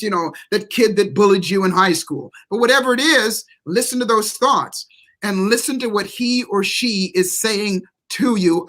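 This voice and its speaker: A man's voice: sits high, sharp tone. A man speaking as a guest motivational speaker on a live interview show, emphatic and preacherly, repeating key words for stress.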